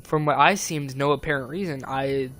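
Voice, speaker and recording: A teenage boy with a mid-range, fairly bright voice vents on a stream at a moderate pace. He's upset, rambling, and swearing a lot in a casual monologue.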